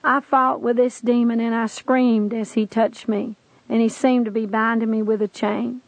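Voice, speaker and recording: A woman's voice: a little high, little pitch movement, normal speed, dry recording, low-quality recording. A woman earnestly recounting a dramatic personal testimony, telling it intensely as a narrator.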